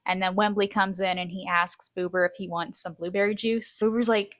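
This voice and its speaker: A woman's voice: mid-range voice, steady tone, a little fast, hardly any pauses, no room sound. A woman recapping a TV show in a chatty, casual way, acting out quotes as she goes. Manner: chatty, acts out quotes, frequent "like". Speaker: video essay host.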